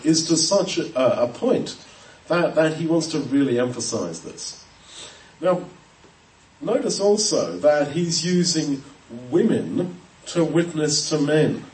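A man's voice: a little high, darkish tone. A man preaching an expository sermon, earnest and emphatic, often restarting words. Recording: echoey room, voice from a distance.

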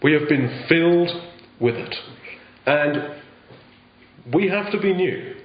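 A man's voice: on the high side, lively intonation, slow pace. A man preaching a sermon in an earnest way, asking rhetorical questions and often restarting his phrases. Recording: echoey, dull lo-fi sound.

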